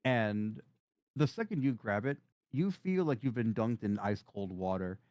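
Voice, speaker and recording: A man's voice: on the low side, animated, unhurried, a little mellow, no echo. A man running a tabletop game as game master, narrating casually with swearing and laughter.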